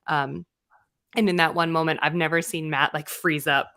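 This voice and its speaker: A woman in her thirties co-hosting a podcast, telling stories in an animated way and laughing often. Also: deep voice, normal speed, no room sound, studio quality. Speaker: podcast co-host. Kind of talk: casual podcast chat.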